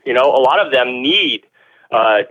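A man being interviewed as a guest, explaining his views in an animated, emphatic way, often repeating words and asking rhetorical questions. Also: mid-range voice, moderate pace, highs cut off. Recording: radio-show audio.

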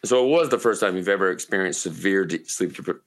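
A man from Maine co-hosting a podcast, telling long rambling, profane stories in a relaxed, casual way. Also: low-pitched, fast talker. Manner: profane, rambling, laid-back storyteller. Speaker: podcast co-host. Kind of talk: casual storytelling chat.

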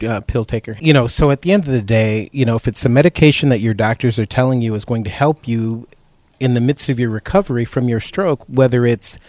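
A man's voice: medium pitch, a little fast, a little mellow, no room sound. A man hosting a health talk show, chatting casually and rambling, with many fillers.

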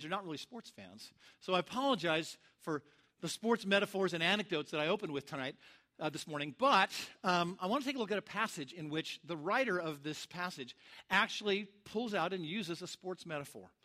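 A man delivers a sermon in a high, bright voice. He tells his stories with animated energy and acts out the lines of the people in them. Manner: animated storyteller, acts out shouts and quotes. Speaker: pastor. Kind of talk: sermon with storytelling.

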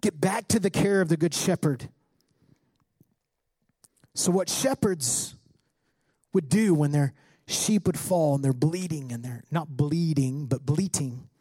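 A male pastor preaching a sermon with passion, climbing toward shouts as he quotes scripture. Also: fairly high pitch, a little slow, pauses often, breathy edge, no room sound. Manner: impassioned preaching, rising to near-shouts when quoting scripture.

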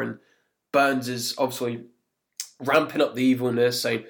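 A man's voice: medium pitch, little pitch movement, normal speed, gravelly. A man, hosting a podcast and recapping an episode in a chatty way. He laughs often and acts out quotes as he goes. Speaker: podcast host. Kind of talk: casual chat recapping an episode.

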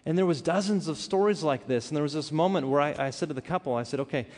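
A man preaching a sermon, telling a personal story with earnest, animated delivery and frequent restarts. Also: on the high side, quick pace. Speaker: pastor. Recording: hall reverb.

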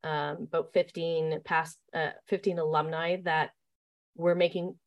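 A woman with a slightly low voice tells her story in an easygoing interview. She is chatty and often starts over with fillers like "um" and "like." She speaks as a camp staff leader looking back on her work. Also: level tone, a little slow, lo-fi sound. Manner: chatty, with many fillers and restarts.

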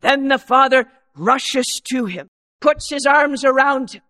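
An earnest male preacher delivering a sermon in a very high-pitched voice. His tone is bright and ringing. He swings between soft, low asides and raised, dramatic quotations. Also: unhurried.

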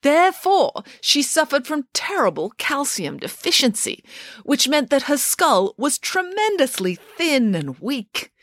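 A self-important pig nanny lecturing with great confidence, voiced by a woman reading the story. She speaks high and lively, her pitch bouncing freely. The sound is close and dry. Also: measured pace, no room sound, exaggerated voice. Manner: grand, lecturing tone.

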